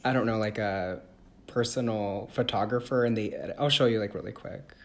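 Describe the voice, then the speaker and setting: A man's voice: on the low side, fairly even intonation, normal speed. A young man, an acting student, chatting eagerly on a video call with a rambling manner full of "like". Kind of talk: casual chat on a video call.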